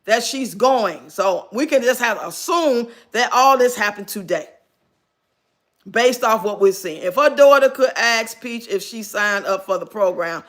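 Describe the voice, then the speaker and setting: Sharp, bright-voiced woman with blunt commentary. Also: on the high side, animated, unhurried. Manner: blunt, preachy, sarcastic. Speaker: commentary streamer. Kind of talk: reaction commentary.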